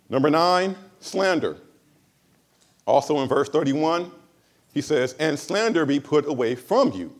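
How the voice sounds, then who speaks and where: A male pastor delivering a sermon in a high, very lively voice. He leans hard on key words, then drops low and quiet for asides. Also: unhurried. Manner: emphatic, swings between loud high stresses and low quiet asides.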